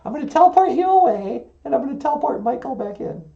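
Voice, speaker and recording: A man voicing a cheerful woman puppet, talking in a bubbly, high-pitched, giggly way. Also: animated, quick pace, vocal fry, dark tone, far from the mic, exaggerated voice. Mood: playful. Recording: echoey room, dull lo-fi sound.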